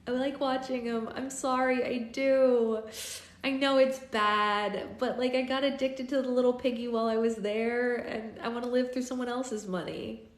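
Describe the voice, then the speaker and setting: A woman with a slightly high voice, fairly even intonation, and normal speed hosts a live book club in an echoey room. She chats casually and reads a novel aloud, adding offhand asides.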